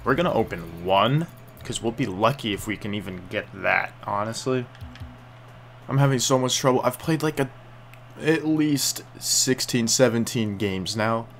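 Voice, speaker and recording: A man's voice: mid-range voice, animated, moderate pace, vocal fry, slight background noise. A man hosting a gaming video, chatting to himself and his viewers while he plays. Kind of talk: gameplay commentary.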